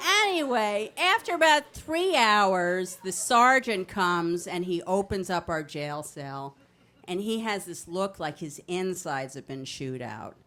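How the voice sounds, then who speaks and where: The voice is fairly low and slow, with slight background noise behind it. A New Jersey woman in her fifties performs a brash, animated, funny true story into a microphone on a city venue's storytelling stage.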